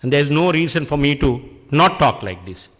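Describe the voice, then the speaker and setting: A man's voice: on the high side, lively intonation, a bit bright. Earnest Sri man in a reverberant hall. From Sri Lanka. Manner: earnest, deliberate, rhetorical questions. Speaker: public speaker addressing an industry function. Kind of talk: speech at an event. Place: function hall.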